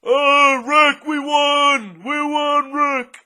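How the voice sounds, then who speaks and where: An Irish man doing a mocking impression of a female wrestler as a loud, bellowing, manly voice. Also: very high voice, flat delivery, drawn-out words, voice pushed up, full character voice. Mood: triumphant.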